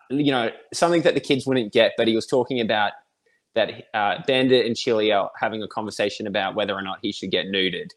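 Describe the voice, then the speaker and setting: An Australian man in his thirties, a podcast guest who thinks aloud in a relaxed, reflective way with many fillers. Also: on the low side. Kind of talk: casual conversation.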